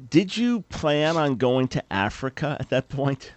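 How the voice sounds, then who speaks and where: An older male radio host with an animated, emphatic delivery. He repeats words as he gets going and pushes warmly into each appeal. His voice is recorded close and dry, as in a studio. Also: fairly high pitch, slow pace, dry recording. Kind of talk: radio talk show with fundraising appeal.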